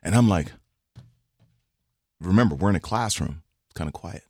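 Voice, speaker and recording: This podcast co-host, a man in his forties, has a husky voice and speaks at a moderate pace with long pauses, captured in a dry, clean studio recording. Telling a funny story in casual chat, he gets animated and acts out the voices with big pitch jumps.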